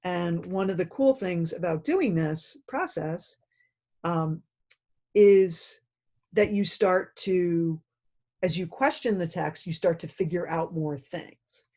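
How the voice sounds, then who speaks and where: A woman leads a self-paced training lesson for teachers. Her voice is mellow and warm, and she explains in a direct, conversational way. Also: fairly low pitch, takes it slowly.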